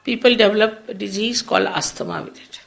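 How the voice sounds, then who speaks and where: Older woman with a gravelly voice. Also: huge pitch swings. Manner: unhurried, explanatory, big swings in pitch and loudness. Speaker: spiritual teacher. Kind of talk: public spiritual lecture. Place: public program before an audience.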